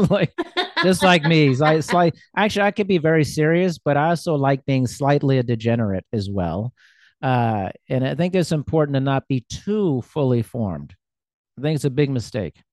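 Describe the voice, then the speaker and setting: A man's voice: medium pitch, normal speed, darkish tone, no room sound, studio quality. A man hosting a casual interview, rambling and self-deprecating, often laughing at his own remarks.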